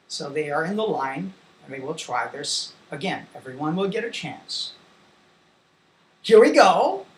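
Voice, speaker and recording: In an echoey room, a woman with a lowish voice gives a demo English lesson for young children. She sings slowly and hands out simple classroom instructions.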